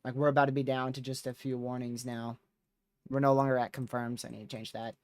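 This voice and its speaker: A young man hosting a live weather stream, chatting casually and excitably about storms. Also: medium pitch, fast talker, no echo. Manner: excitable, laughs often, says dude and freaking. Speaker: livestream weather host. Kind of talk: casual chat while covering storms live.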